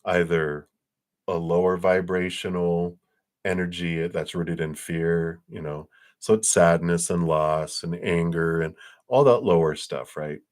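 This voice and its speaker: A man giving a casual spiritual talk on a livestream, animated and acting out quotes between chuckles. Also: sits low, a little slow. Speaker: spiritual reader.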